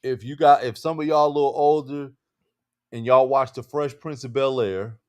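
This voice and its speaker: Male sports podcast co-host: laid-back, wry and low-key in casual chat. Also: steady tone, moderate pace.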